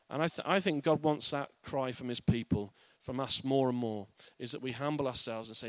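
A man's voice: medium pitch, expressive, moderate pace, hardly any pauses, fairly bright tone, dry recording. A man giving an informal, earnest Bible teaching in a conversational way.

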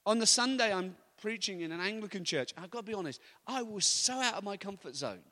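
Animated preacher with a higher voice. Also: male voice, fairly quick. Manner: lively anecdotal, chuckles often. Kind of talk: storytelling sermon.

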